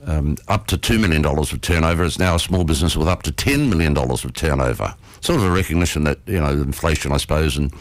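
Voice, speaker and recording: A man co-hosts a local radio show, his voice very low. He talks in a halting, casual way, full of ums and restarts, in a dry studio sound. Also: no echo. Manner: hesitant, many ums and uhs. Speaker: radio co-host.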